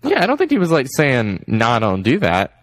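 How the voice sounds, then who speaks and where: A man with a mid-range voice whose pitch leaps around dramatically, co-hosting a laid-back podcast. He chips in with quick wisecracks. The sound is dry and close to the mic. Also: wildly swooping pitch, no room sound. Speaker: podcast co-host. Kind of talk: casual podcast chat.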